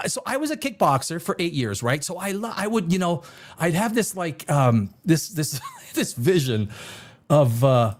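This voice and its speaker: Animated, rambling man hosting a livestream. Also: high-pitched. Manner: rambling, joking, laughs often. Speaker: livestream host. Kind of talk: casual livestream chat.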